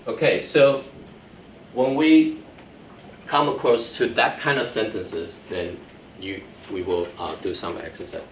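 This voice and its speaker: A man's voice: lowish voice, steady tone, measured pace. A man teaching a Chinese class, explaining the rules patiently step by step and checking whether students understand. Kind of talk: classroom lecture. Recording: echoey classroom from far off with faint noise.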